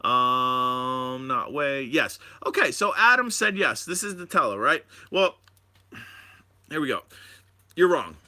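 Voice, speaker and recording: A man hosting a live stream at home, rambling excitedly and talking to his viewers about drones. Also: medium pitch, slow. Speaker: drone channel host.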